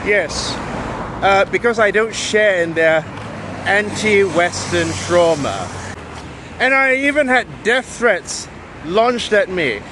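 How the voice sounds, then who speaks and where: A man's voice: sits high, expressive, takes it slowly, noisy background. A man from Malaysia with a British accent, giving a frank, opinionated monologue with sardonic asides. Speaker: commentator. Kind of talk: casual monologue.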